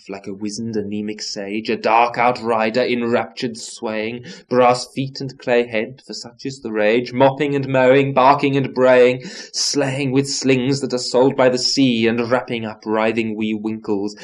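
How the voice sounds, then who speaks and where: A man reciting a long nonsense poem, declaiming with big swings between soft and loud lines. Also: lowish voice. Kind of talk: dramatic recitation of nonsense verse.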